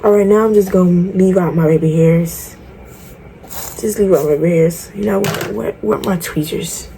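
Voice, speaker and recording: A woman's voice: fairly low pitch, moderate pace, vocal fry, warm tone, a little hiss or hum. A woman vlogging a tutorial in casual chat, talking straight to her viewers, frank, exasperated and swearing freely. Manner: chatty, talks straight to viewers. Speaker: beauty vlogger.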